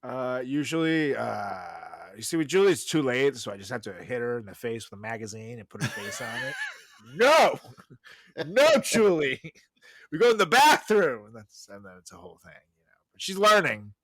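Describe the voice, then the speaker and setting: A man's voice: medium pitch, animated, a little fast, vocal fry, sharp tone, no echo, clean studio sound. A man from Venezuela co-hosting a comedy podcast, joking around and laughing often in casual chat. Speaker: podcast co-host.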